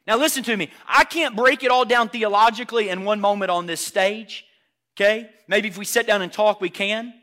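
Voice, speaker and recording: A man preaching a sermon as pastor before a congregation, shifting from hushed, intimate asides to loud, emphatic preaching. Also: high-pitched, fairly quick. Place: church hall before a congregation.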